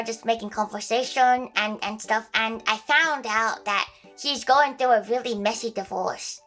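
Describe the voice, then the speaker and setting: A woman with a high, bright voice rambles through a story for her stream, restarting sentences again and again and breaking into laughter at her own jokes. Faint music plays behind her.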